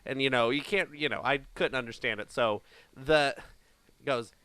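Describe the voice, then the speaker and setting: A man co-hosting a podcast in casual chat, animated and joking, slipping into silly voices. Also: mid-range voice, normal speed, clean tone, no echo. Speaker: podcast co-host.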